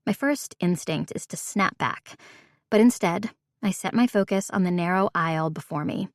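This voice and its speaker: A woman narrating a first-person audiobook in a wry, measured way. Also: on the low side, no echo, studio quality.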